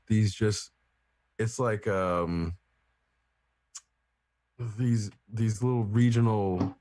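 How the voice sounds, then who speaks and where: A man's voice: fairly low pitch, darkish tone, dry recording. A man in a casual podcast chat, talking hesitantly and trailing through many fillers.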